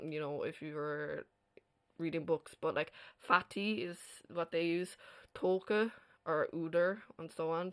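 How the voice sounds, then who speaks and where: A woman's voice: lowish voice, fairly bright tone, clear, resonant tone. Munster Irish woman teaching a language class. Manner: explanatory, checks in with "okay?" often. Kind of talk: slide-based language lesson.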